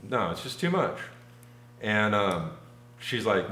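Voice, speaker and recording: A man's voice: on the low side, sing-song, slow, bright, forceful tone. A man telling a long personal story in casual chat, rambling and full of fillers. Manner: rambling, filler-heavy, frequent "like". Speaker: podcast guest telling a story. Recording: echoey room.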